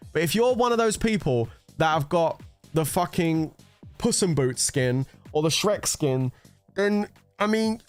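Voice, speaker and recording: A man giving heated, profanity-laced commentary, exasperated and ranting about a mobile game. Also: high-pitched. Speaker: gaming content creator.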